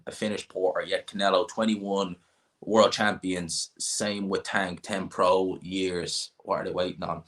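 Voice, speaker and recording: A man hosting a livestream, reading viewer comments and rambling offhand about boxing with quick asides. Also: deep voice, fairly bright tone. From Ireland. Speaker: livestream host.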